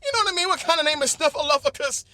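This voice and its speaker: A man hosting a comedy podcast, riffing in an animated, rambling monologue and constantly asking "you know what I mean?". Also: very high-pitched, racing, dry recording. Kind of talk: comic monologue.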